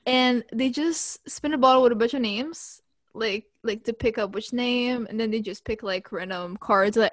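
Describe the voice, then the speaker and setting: A woman's voice: on the high side, moderate pace. A young woman co-hosting a podcast, adding wry, joking commentary in casual chat. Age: young adult. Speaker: podcast co-host.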